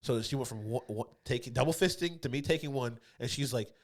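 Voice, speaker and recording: A man's voice: medium pitch, fairly quick. Rambling laughing man telling a story. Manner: rambling, laughs often, acts out others' voices. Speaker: podcast co-host. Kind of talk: casual comedic storytelling. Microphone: podcast studio mic.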